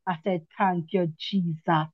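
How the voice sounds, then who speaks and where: Halting fervent woman on a video call. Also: lowish voice, steady tone, no echo. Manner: halting, repeats words, fervent. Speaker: prayer meeting participant giving testimony; teacher. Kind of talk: emotional spoken testimony. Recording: dull dry video call audio.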